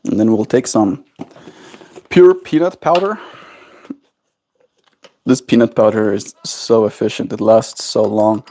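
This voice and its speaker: A man's voice: on the low side, measured pace, long pauses, mellow. A man streaming casual chat while cooing affectionate baby talk to his pet bird at home.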